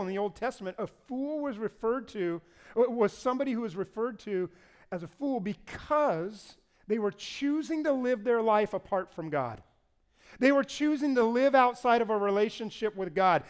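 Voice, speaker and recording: Male pastor, high voice, lively animated preaching delivery. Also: clean tone. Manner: animated preaching, asks the congregation to repeat words. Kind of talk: sermon.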